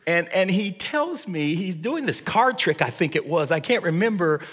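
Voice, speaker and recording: A pastor delivers a sermon in a high, light voice for a man. His words carry a long reverb, as in a large church sanctuary. He often doubles back and restarts his phrases as he preaches. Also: very animated, normal speed, fairly bright tone, husky.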